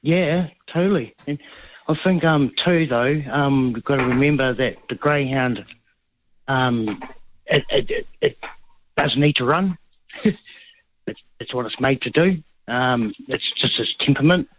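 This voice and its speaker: A man's voice: mid-range voice, measured pace, a little hiss or hum. Hesitant New Zealand caller man on phone. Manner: hesitant, many ums and restarts. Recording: slightly dull phone line.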